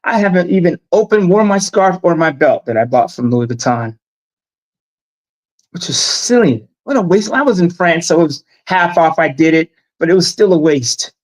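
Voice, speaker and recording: A middle-aged man talking in a casual live-stream chat, animated and emphatic, telling stories with asides. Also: on the high side, moderate pace, rough recording. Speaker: guest.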